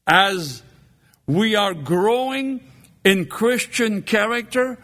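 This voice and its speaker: A man preaching a sermon in a slow, deliberate cadence. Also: extremely high pitch, fairly bright tone.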